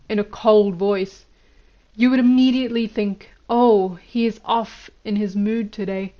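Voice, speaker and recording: A woman's voice: mid-range voice, lo-fi sound, lightly acted. A woman reading the lines of an elderly male guru, lecturing in an instructive way. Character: elderly male Indian guru, stern teacher.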